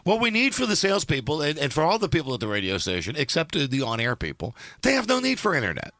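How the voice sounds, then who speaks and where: A man hosting a radio talk show, ranting in a casual, animated way. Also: on the high side, fast, no room sound.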